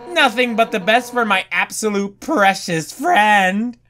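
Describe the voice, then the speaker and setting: Gamer doing a hot-headed female monster captain, gruff, blunt, video game, lively swooping pitch, slow delivery. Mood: confiding. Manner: gruff, blunt, then awkwardly confiding. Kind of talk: reading game dialogue aloud.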